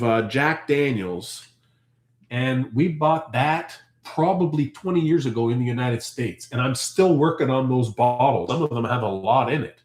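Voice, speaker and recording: On his farm live stream, the Canadian host goes on and on replying to comments from viewers in casual chat. The voice is mid-range, slightly mellow and animated, delivered at a measured pace in a roomy, echoing space.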